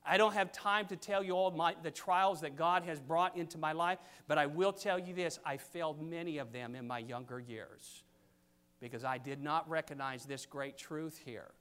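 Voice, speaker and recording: An older man preaching a sermon, reading scripture and pressing his points with sudden loud stresses. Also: on the high side, normal speed, clear, resonant tone. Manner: emphatic, pulpit cadence with sudden loud stresses.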